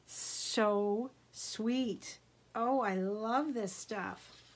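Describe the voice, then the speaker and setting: A woman's voice: mid-range voice, drawn-out words. A middle-aged woman craft vlogger chatting casually while unboxing supplies, gushing and easily delighted.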